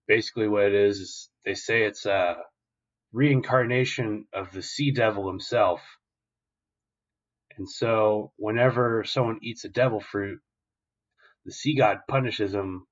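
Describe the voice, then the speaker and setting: A young man hosting a podcast, casually and profanely retelling the plot of an episode in a rambling way, in a dull lo-fi recording. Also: lowish voice. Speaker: podcast host.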